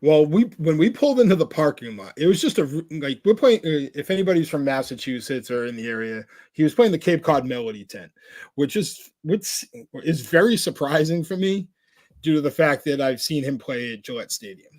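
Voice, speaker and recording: This podcast co-host sounds animated and a little fast, with a somewhat high voice and a darkish tone, recorded without echo. His storytelling rambles casually, full of filler "like"s and restarts.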